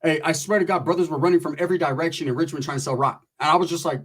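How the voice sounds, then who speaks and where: Brief: middle-aged male comic, husky and a bit high-pitched, loose and profane, slips into characters mid-story. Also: rapid-fire. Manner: profane, animated, acts out quoted voices. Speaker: comedian storyteller. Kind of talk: stand-up storytelling.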